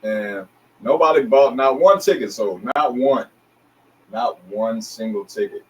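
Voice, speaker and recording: A man from the Atlanta area, a DJ and rapper, telling a long story in a casual interview with slang and lively voicings of the people he quotes. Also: mid-range voice, unhurried. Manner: animated, slangy storyteller who acts out others' voices. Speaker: interview guest, DJ and recording artist. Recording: distant mic with faint background noise.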